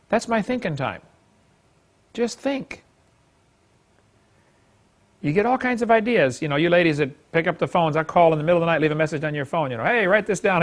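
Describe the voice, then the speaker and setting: A man teaching a Bible class to a live audience, folksy and emphatic, chuckling as he acts out quoted speech. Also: fairly high pitch.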